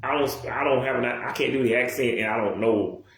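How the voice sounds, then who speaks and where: A man rambles to his viewers in a loose, profane monologue, jumping from one aside to the next and restarting his sentences. His voice sits at an ordinary middle pitch. The room gives it a noticeable echo. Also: brisk, fairly bright tone. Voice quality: profane, digressive, many restarts. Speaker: YouTuber. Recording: roomy echo.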